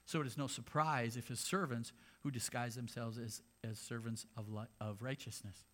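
A man's voice: medium pitch, fairly even intonation, normal speed, fairly bright tone. A male pastor preaching a sermon in an everyday, mid-range voice. He talks to his listeners like he is having a conversation with them. Now and then he drops in sarcastic remarks.

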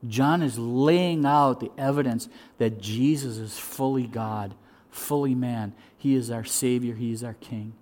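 Delivering his sermon in a lively way, a male pastor acts out different voices and repeats words when restarting. He speaks unhurriedly in a mid-range voice.

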